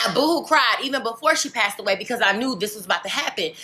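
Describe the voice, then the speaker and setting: A woman's voice: on the high side, animated, quick pace, pushed and bright. A young woman vlogger chatting candidly to camera, rambling and filling with "like" and "legit". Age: young adult. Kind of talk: casual chat to camera.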